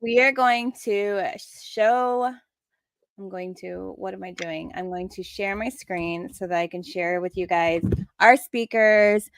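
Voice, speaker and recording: A woman's voice: medium pitch, slow, clean tone, dry recording. A woman co-hosting a casual live stream, enthusiastically running through a lineup of speakers. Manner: enthusiastic, gushing. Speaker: co-host.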